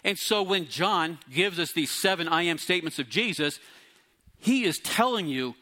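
A middle-aged man preaching a sermon to his congregation, teaching and explaining Greek words with lively emphasis. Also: fairly high pitch, normal speed. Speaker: pastor.

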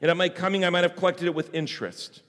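A man reading the lines of a stern nobleman king passing judgment, in a measured, solemn way. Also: high-pitched, fairly even intonation, fairly bright tone. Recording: long hall reverb.

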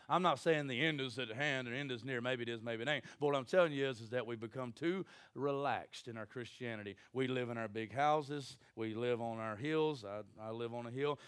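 A man's voice: medium pitch, fairly bright tone, clear, resonant tone, dry recording, studio quality. A man preaching a sermon, folksy and joking, acting out Bible scenes in little voices. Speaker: pastor.

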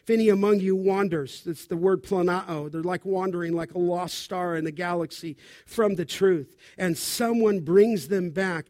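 High-voiced man preaching with urgent force. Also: normal speed, no room sound, studio quality. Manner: urgent exhortation, shifting between loud and quiet. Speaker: pastor. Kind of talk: sermon.

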